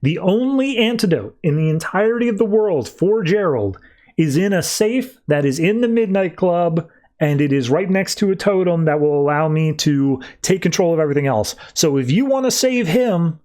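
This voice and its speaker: A man's voice: a little high, expressive, moderate pace, darkish tone, voice pushed up, close to an everyday voice. A man voicing a scheming male sorcerer who runs a club, demanding and matter-of-fact.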